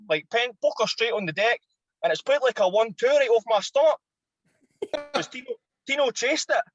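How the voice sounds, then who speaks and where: Fast-talking Scottish man telling stories. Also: sits high, no echo, lo-fi sound. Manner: animated, swearing, laughing anecdote-telling. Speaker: podcast guest, former footballer. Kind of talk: casual storytelling.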